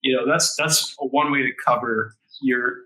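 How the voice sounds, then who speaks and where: A man's voice: medium pitch, unhurried, background noise. A man co-hosting a beer podcast, talking casually and explaining things at length. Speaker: podcast co-host.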